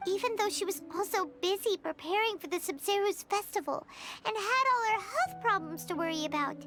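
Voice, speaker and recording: A small, chatty game companion with a very high, childlike voice. She speaks earnestly and wistfully, with game music clearly playing under her. The sound is a polished video game cut. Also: animated, fairly quick, fairly bright tone, full character voice. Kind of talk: game voice acting.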